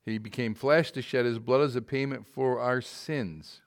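A male preacher speaks to a church congregation at medium pitch and moderate pace. He preaches emphatically, questions the people listening, and moves between loud and hushed passages.

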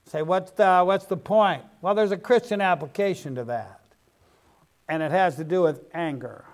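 A man's voice: high voice, moderate pace. A middle-aged man preaching a sermon in a folksy way, dropping frequent amens to the congregation. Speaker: pastor.

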